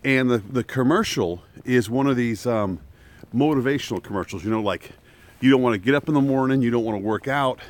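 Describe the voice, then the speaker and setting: Holding a camera on a selfie stick, a man live-streams a walk through a wooded park, talking casually in a medium-pitched, fairly quick voice. He chats, laughs often and jokes about the danger around him.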